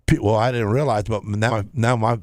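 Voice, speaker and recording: A man's voice: fairly low pitch, steady tone, brisk, darkish tone, dry recording, studio quality. A man, telling a long story on a radio talk show, rambling and restarting often.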